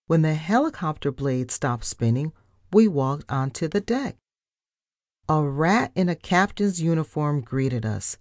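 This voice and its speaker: A woman reading a children's storybook aloud in first person, with an animated delivery. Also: low voice, unhurried, no echo, studio quality.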